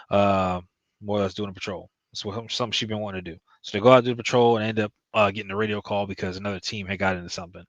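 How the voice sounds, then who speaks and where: Man, lowish voice, dry close sound, casual rambling TV recap. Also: fairly even intonation, fast talker, fairly bright tone, dry recording, highs cut off. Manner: rambling, loose retelling with fillers. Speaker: TV show reviewer.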